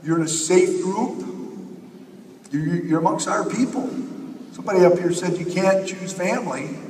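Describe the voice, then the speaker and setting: A man's voice: fairly high pitch, a little hiss or hum. A man giving a rousing, repetitive motivational speech to a conference audience from a stage. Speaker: company leader speaking at a conference. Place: large conference hall. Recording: echoey hall from far off.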